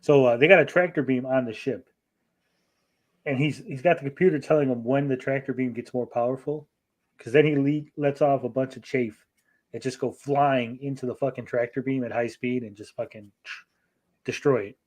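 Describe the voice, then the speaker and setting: Guy on a podcast rambling thru an episode recap, swears a lot, does little voices for everyone, normal middle pitch. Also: steady tone, darkish tone. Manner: profane, rambling, acts out characters in quick asides. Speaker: podcast co-host.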